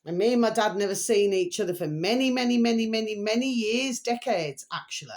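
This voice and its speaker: A woman's voice: medium pitch, fairly quick. An older woman, telling a rambling, emotional family story to her camera and repeating fond pet phrases. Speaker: vlogger.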